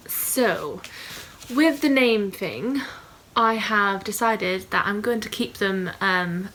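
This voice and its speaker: A woman's voice: medium pitch, fairly bright tone. A young woman in her twenties, talking candidly and rambling in a casual vlog, with many fillers. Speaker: writer vlogger.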